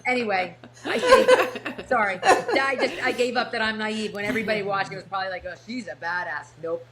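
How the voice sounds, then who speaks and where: A woman's voice: mid-range voice, lively intonation, fairly quick, a crowd in the background. A middle-aged woman from New Jersey with a New Jersey accent, a podcast guest and author telling her story in casual chat, laughing often and restarting her sentences.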